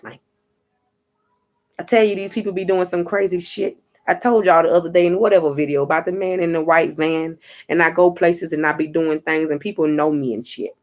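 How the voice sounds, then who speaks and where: A woman vlogger and spiritual reader telling a story in a casual monologue, cursing freely, acting out what others said and checking in with her viewers. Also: lowish voice. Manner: profane, street-talking, keeps asking "you get what I'm saying"; animated, acts out what others said.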